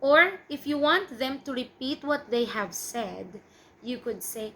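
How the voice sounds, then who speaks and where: A young Filipino woman with a Filipino accent walks learners through everyday words. Her voice sits a little high and sounds very bright. She goes over each example phrase slowly and often pauses to ask "okay?". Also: lively intonation, slight background noise, rough recording. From Philippines. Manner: patient, repeats example phrases with frequent "okay?" checks. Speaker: language teacher. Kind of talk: explaining vocabulary to learners.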